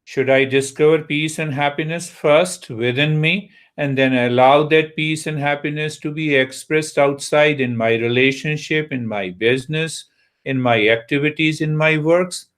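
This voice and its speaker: A man giving a spiritual talk on meditation as a teacher, unhurried, asking his listeners rhetorical questions. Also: fairly high pitch, fairly bright tone, smooth.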